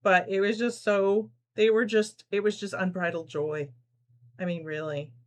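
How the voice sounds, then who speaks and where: A woman's voice: medium pitch, steady tone, unhurried. A middle-aged woman from New Jersey hosting a casual live sew-along, chatting, laughing often and reading out viewers' comments as she sews. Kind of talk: casual live-stream chat while sewing.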